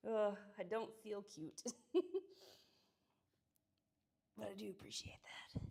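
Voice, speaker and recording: A woman's voice: medium pitch, fairly even intonation, slow, gravelly, mellow, husky. A young woman streaming her workout, out of breath, chatting casually and greeting viewers by name between exercises. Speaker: fitness streamer.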